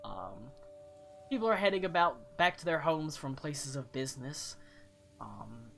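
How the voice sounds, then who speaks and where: A man narrating a tabletop fantasy game as game master, relaxed and hesitant, with lots of fillers. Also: medium pitch, unhurried, creaky, soft background music.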